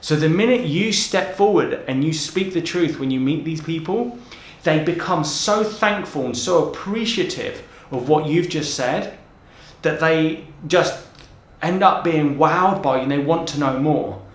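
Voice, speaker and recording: A man's voice: fairly high pitch, a little slow, roomy sound. A man giving coaching advice straight to camera, talking with energy and emphasis, often repeating words as he goes. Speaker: transformational coach.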